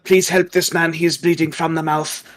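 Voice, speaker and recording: Guy doing a polite young fire soldier, formal, kinda high voice. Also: level tone, normal speed, a bit bright, natural voice. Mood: urgent. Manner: formal, earnest.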